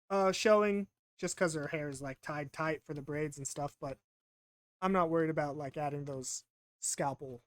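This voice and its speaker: A man's voice: on the high side, a bit bright, dry recording. A man casually narrating while he draws, rambling and self-deprecating, often stammering and repeating himself. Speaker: art vlogger.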